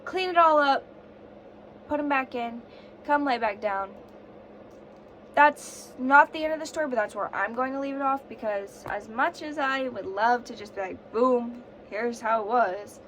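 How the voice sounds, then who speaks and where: Sick young woman ranting on her vlog, swears a ton, kinda high voice, faint room hum. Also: a little slow, a bit bright. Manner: profane, ranting, dramatic. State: sick with fever and sore throat. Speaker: vlogger. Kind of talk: casual storytime vlog.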